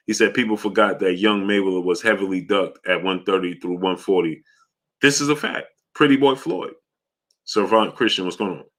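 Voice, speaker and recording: Man, live stream host, deep voice, bright forceful tone, casual comment-reading chat. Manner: shouts out viewers by name, asks for likes.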